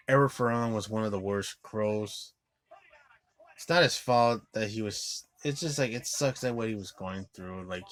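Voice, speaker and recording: A man's voice: on the low side, a bit bright. A man recapping a film in a profane, rambling rant, full of "like" and flaring into angry outbursts. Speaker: movie reviewer.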